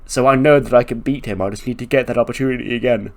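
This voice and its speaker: A man's voice: medium pitch, steady tone, quick pace, lightly acted. A man playing a smug, cocky male wrestling star who boasts and lectures, in a casual let's-play commentary. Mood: determined.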